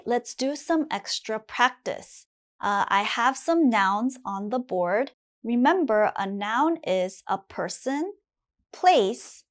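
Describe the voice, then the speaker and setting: A woman teaching basic English grammar, saying each word slowly and clearly and repeating it for learners. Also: a little high. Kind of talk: slow, clear classroom lesson.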